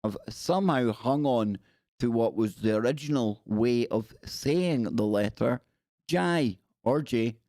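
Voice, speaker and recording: A man's voice: medium pitch, slow, a little mellow, no echo, studio quality. A man hosting a casual live stream, reading an article aloud and chatting with viewers. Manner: chatty, reads aloud and talks to chat viewers.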